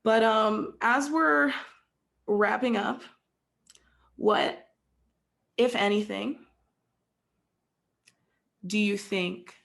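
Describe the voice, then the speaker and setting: A young woman with a gravelly, fry-laden voice hosts a relaxed podcast chat. She talks candidly and sounds incredulous, with plenty of "like" and "right". Her pitch sits in an ordinary middle range. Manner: candid, incredulous, many fillers. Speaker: podcast host. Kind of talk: casual podcast conversation.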